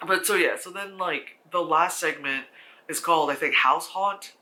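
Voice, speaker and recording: A man giving a casual spoken film review, rambling with lots of "like" fillers and swearing, and acting out characters in sudden high shouts. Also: moderate pace.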